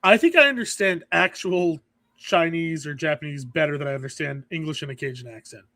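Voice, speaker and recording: A man's voice: fairly high pitch, fairly quick, sharp tone, no echo. A man from the United States, co-hosting a podcast in casual chat, joking and laughing at his own jokes. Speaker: podcast co-host.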